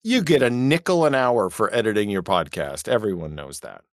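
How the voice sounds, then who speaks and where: Man, podcast guest, dry humor, very animated pitch, dry close sound. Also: normal speed, dry recording. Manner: dry joking, lively intonation. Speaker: podcast guest, game master. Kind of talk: casual chat.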